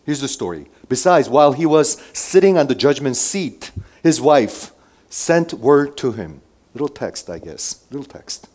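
This male pastor preaches unhurriedly in a medium-pitched voice with big swings in pitch. He lurches from loud, emphatic lines to hushed asides, peppering his sermon with rhetorical questions for the congregation.

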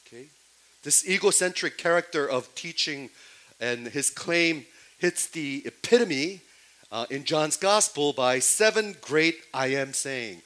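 Guy preaching, keeps asking the crowd stuff, gets loud on quotes. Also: mid-range voice, expressive, normal speed, rough recording. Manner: questions the audience again and again, rising loud on quoted lines. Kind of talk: sermon.

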